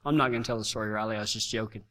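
A man preaching a sermon, telling stories and swinging from quiet asides to shouting. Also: lowish voice, very fast, big-room sound. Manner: animated storytelling, swings from hushed to shouting. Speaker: pastor.

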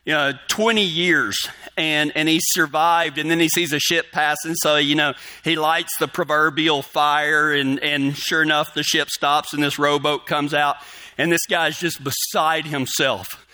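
A man preaching a sermon as pastor, folksy and animated, with cowboy talk. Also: fairly high pitch, measured pace.

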